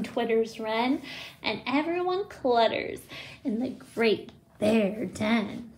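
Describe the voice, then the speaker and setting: Woman preschool teacher, picture book read-aloud, very slow, high voice, animated with sound effects. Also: slight background noise.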